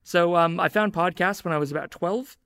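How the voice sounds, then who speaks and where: A man's voice: high voice, fairly quick, a bit bright, clean tone. A man with a Pacific Northwest American accent, chatting as a podcast guest in a wry, self-deprecating way. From grew up rural near Seattle and in New Zealand. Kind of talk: casual podcast chat.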